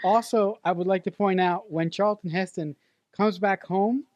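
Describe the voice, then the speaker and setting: Woman podcast co-host, excitable and foul-mouthed, trips over her words, dry close sound. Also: medium pitch, normal speed, no echo. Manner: excitable, swears freely, stumbles and restarts. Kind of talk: casual film-review chat.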